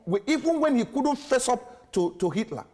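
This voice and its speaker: A man's voice: very high voice, big pitch swings, normal speed, warm tone. A man from Nigeria, a panelist in a heated studio debate, talking insistently and stumbling over repeated words. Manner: insistent, interrupts and repeats himself.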